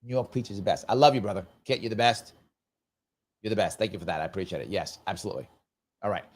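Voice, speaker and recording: This man in his fifties talks fast, his voice on the low side. As the host of a live stream, he reads viewers' comments out loud and muses over them casually, often saying the same phrases again.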